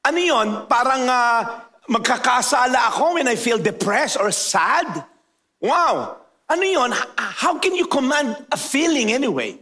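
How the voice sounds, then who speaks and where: High-voiced Filipino pastor preaching playfully. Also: male voice, lively intonation, pushed and bright. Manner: mixes English and Tagalog, playful asides to the congregation; slows down to stress key phrases. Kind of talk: sermon.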